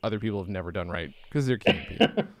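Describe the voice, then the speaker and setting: A man's voice: fairly low pitch, lively intonation, racing, no room sound. A man co-hosting a podcast, talking casually and sarcastically with strong opinions. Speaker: podcast co-host. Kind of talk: casual chat.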